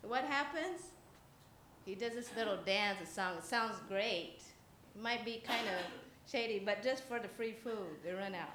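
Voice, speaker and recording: A woman tells a story during a children's sermon, chatty and quick to laugh, often asking her listeners questions. Her voice echoes through a church hall with a faint hum of ambience behind it. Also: medium pitch, a bit bright. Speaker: speaker giving a children's message at church.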